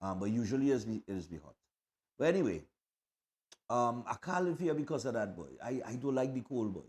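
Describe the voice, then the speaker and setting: A man's voice: mid-range voice, sing-song, a little fast, a little mellow. A man with a Trinidadian accent hosting a morning show, chatting casually over parade footage, rambling with fillers and restarts.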